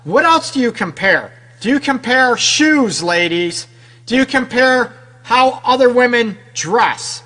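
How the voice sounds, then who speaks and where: A man's voice: very high voice, lively intonation, slow pace, bright, forceful tone. A man hosting a radio advice show as a relationship counselor, talking frankly and loosely to his listeners and firing off rhetorical questions.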